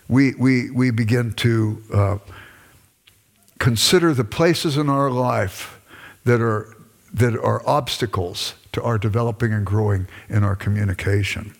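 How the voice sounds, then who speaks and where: Middle-aged guy giving a sermon-type talk on marriage, chatty, pokes fun at himself, acts out old arguments. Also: mid-range voice. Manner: conversational, acts out his own past arguments; self-deprecating humor. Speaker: speaker on marriage. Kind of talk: sermon-style teaching talk.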